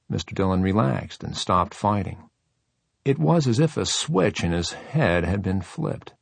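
A man reading a novel aloud in steady, measured narration. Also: low voice, gravelly, slightly rough, no room sound. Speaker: audiobook narrator. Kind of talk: scripted narration.

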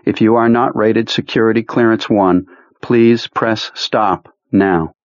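A man reading aloud and imitating a slow, monotone, toneless recorded announcement. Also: lowish voice, no room sound, muffled recording, pitched above the performer's own voice. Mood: flat.

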